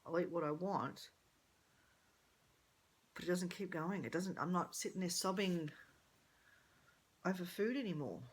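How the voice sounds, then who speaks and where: A woman's voice: on the low side, fairly bright tone. A middle-aged woman talking candidly in a rambling personal vlog, thinking aloud and correcting herself as she goes. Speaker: vlogger.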